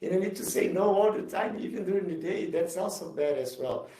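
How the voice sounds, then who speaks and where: Male executive speaker, slightly high voice, earnest and emphatic, picked up from a distance in a roomy space. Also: brisk, warm tone. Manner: earnest, emphatic, repeats himself in non-native English. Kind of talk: motivational talk and Q&A. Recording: roomy sound from far off the mic.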